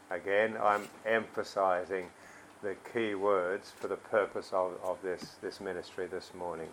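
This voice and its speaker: A man preaching a sermon, pausing and repeating words, reading scripture louder than he speaks. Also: flat delivery, slight background noise, low-quality recording. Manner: slow and halting, repeats words, reads scripture louder and higher.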